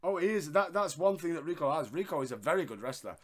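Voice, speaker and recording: A fairly high-voiced man talks through a wrestling match in casual podcast chat. He laughs often, swears freely and acts out lines as he goes. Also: expressive, quick pace. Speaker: podcast co-host.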